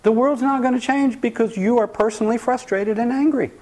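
In a very high voice and at a slightly fast pace, a man leads a live workshop about anger. He asks his audience questions and dramatizes what people say, keeping his delivery lively.

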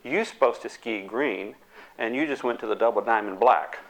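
A man giving a lecture, animated and acting out the voices of the people in his examples. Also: mid-range voice, a little fast. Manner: animated, acts out quoted voices.

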